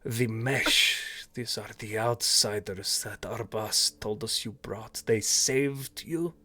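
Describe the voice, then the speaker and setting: A man voicing a curious, cautious male naga leader who speaks in slow, measured questions. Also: lowish voice, pushed and bright, heavily acted. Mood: probing.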